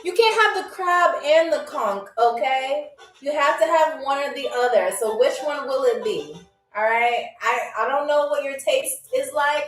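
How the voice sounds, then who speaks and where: A woman's voice: high voice, animated, measured pace, echoey room, recorded from a distance, faint music behind, low-quality recording. A woman hosting a live-stream game show, playful and chatty, talking straight to her viewers.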